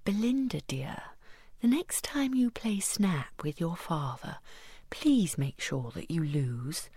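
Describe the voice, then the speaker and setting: A woman voicing a calm, wise queen who speaks in a soft, hushed whisper. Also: deep voice, takes it slowly, husky, no echo, studio quality, voice pushed down, exaggerated voice. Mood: confiding.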